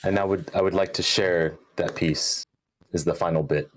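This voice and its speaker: A man's voice: low voice, steady tone, normal speed. A man playing in a tabletop game stream, chatting casually in an easygoing, supportive way. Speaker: player.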